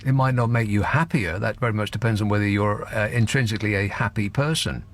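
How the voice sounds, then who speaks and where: A man's voice: fairly low pitch, fast. A man hosting a radio phone-in, sardonic and teasing as he pushes back on a caller. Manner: sardonic, dry, teasing pushback.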